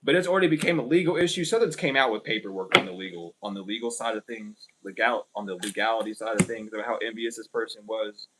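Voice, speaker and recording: A man's voice: on the low side, fairly even intonation, fast, few pauses, background noise. A man giving a casual spiritual tarot reading, blunt and emphatic, swearing often and repeating himself. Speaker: tarot reader.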